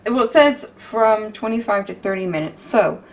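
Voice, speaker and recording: A woman's voice: medium pitch, expressive, normal speed. Woman, home baking vlogger, casual cooking chat, chatty, profane, exclamatory, kitchen.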